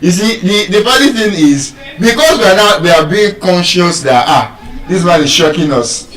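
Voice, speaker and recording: A Nigerian man teaches from a live stage, his voice rising and falling in wide swings as he quizzes the crowd. He sits a little high for a man and spells words out letter by letter. The sound comes from a distant mic in a roomy hall. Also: expressive, normal speed, a bit bright. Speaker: public speaker teaching pronunciation. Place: live stage before an audience.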